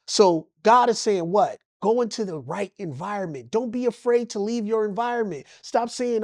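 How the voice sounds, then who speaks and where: A Los Angeles man, appearing as an interview guest, speaks passionately about his life in preacher-like bursts full of repeated phrases. His high-pitched voice has lively intonation and a moderate pace with hardly any pauses. The recording is dry, with clean studio sound, and the interview is emotional and personal.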